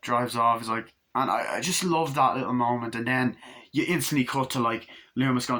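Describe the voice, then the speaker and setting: A man's voice: medium pitch, moderate pace, sharp tone. A man giving a casual, rambling movie review, full of "like" and fillers, acting out scenes as he goes. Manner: rambling, filler-heavy retelling that acts out scenes.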